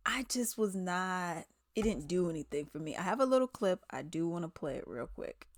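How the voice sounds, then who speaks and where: A woman's voice: on the low side, animated, normal speed. A woman in a casual, chatty commentary vlog, talking in slangy asides. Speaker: commentary vlogger. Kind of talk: casual chat.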